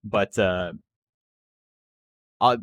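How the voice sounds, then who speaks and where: Low-voiced man rambling over game commentary. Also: drawn-out words, fairly bright tone, no room sound. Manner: rambling, joking, swears freely. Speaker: streamer and tournament host. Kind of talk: casual live-stream game commentary. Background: faint background music.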